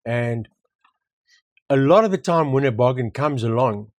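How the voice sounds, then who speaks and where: A man's voice: mid-range voice, expressive, unhurried, no echo. Reflective man talking property, dry sound. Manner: reflective, tells anecdotes, repeats words for emphasis. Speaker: property market co-host. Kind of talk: casual conversation.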